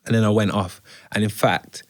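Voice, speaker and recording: A man recounting his life story as a guest, in an animated, slangy storytelling way. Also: on the low side, moderate pace, no echo, clean studio sound. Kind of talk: conversational testimony.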